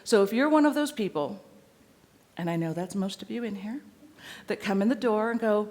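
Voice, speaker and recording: A woman dog trainer giving a live talk to an audience, animated and direct, often checking in with "right?" and "okay?". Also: medium pitch, normal speed, long pauses. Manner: animated, addresses audience directly with tag questions.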